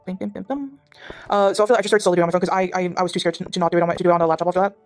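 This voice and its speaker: This young Durban woman talks very fast in a fairly low, level voice while chatting over a video game, faint music audible behind her. At home with her dog beside her, the South African vlogger rambles, restarting and filling often.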